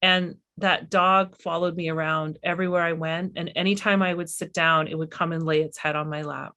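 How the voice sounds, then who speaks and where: Middle-aged woman, filmmaker guest, lowish voice, candid, halting and reflective. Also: fairly even intonation, bright, forceful tone. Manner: candid, halting, with many restarts and fillers. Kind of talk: reflective conversation.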